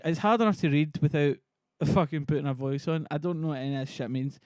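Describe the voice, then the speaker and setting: A male streamer with a high voice, chatting casually between readings. He swears freely and argues with his chat in exasperation, and the sound is close and dry. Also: fast, few pauses, darkish tone, clear, resonant tone, no echo.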